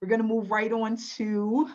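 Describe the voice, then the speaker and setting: A woman's voice: fairly high pitch, level tone, moderate pace, a little mellow. A woman hosting a sales webinar over a video call, upbeat and chatty, talking straight to the audience. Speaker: webinar host. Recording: dull lo-fi webinar audio.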